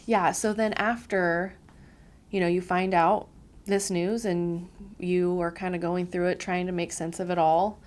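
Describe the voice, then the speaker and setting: A woman's voice: fairly low pitch, level tone, measured pace, a little mellow. Chatty, empathetic woman podcast host. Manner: chatty and empathetic, with many fillers and run-on sentences. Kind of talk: casual interview conversation.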